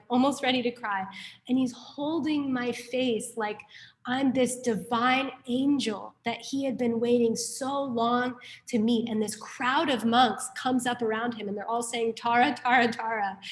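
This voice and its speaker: A young woman from New York City teaching a Buddhist class in a casual, chatty way, telling stories and peppering her talk with "like". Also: on the high side. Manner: chatty, frequent "like", animated storytelling.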